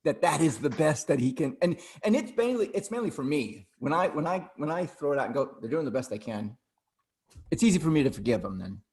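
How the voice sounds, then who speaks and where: A man's voice: fairly high pitch, very animated, fast talker, few pauses, a little mellow. Reflective middle-aged man chatting on a video call. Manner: reflective, repeats words while thinking. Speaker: podcast co-host. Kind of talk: casual chat over video call.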